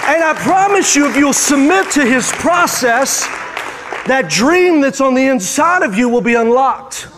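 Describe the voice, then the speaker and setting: A male pastor delivers a sermon, swinging into emphatic, rising bursts. His voice sits unusually high. A long hall reverb trails behind every phrase. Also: expressive, a little slow, crowd noise, noisy background.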